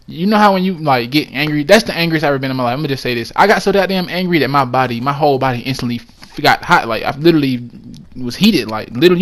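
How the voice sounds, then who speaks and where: Man, quick-paced storytime vlog, emphatic, excitable, swears a lot, mid-range voice. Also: mid-range voice. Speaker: vlogger. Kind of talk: casual storytime monologue.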